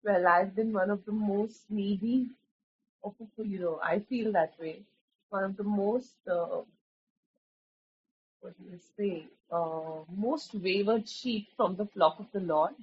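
A woman's voice: medium pitch, slow pace, breathy edge. A woman from India, sharing hesitantly in an online prayer meeting and searching for her words. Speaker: prayer group member. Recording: dull, lo-fi call audio.

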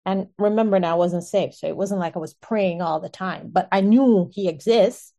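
A woman telling her own story in an earnest, animated way, often breaking into short laughs. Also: medium pitch, moderate pace, hardly any pauses. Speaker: speaker sharing a personal testimony. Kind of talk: personal storytelling.

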